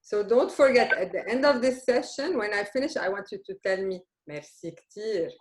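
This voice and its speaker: Speaking a little fast in a fairly high voice, a woman from Lebanon walks beginners through Arabic. She's patient and encouraging, checking in with "okay?" constantly, recorded in a roomy room with faint noise.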